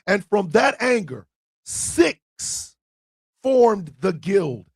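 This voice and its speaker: A man with a high, gravelly voice that leaps up and down in pitch, speaking from a dry, close setup. He hosts a livestream and preaches with fiery emphasis. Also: sing-song, drawn-out words, no room sound. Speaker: internet radio co-owner and host. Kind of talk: impassioned livestream monologue.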